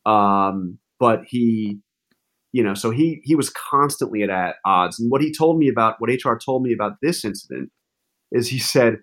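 Animated man telling a story. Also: medium pitch, moderate pace. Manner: animated, with many restarts and fillers. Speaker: journalist guest. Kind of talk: casual interview storytelling.

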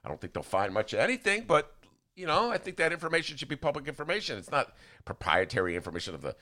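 Lively, bright-voiced male podcast host. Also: fast talker. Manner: animated, acts out quotes with big pitch swings; rambling, restarts often. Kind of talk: casual political chat.

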